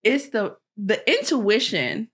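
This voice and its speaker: A woman's voice: mid-range voice, wildly swooping pitch, takes it slowly, fairly bright tone, husky. A woman co-hosting a podcast in casual chat, listening supportively and finishing her partner's sentences. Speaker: podcast co-host.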